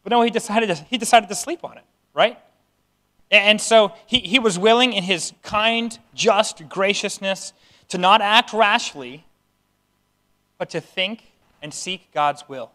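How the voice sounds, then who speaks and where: High-voiced earnest male preacher. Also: a little slow, sharp tone. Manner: earnest, conversational preaching with rising emphatic build. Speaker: pastor. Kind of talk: sermon.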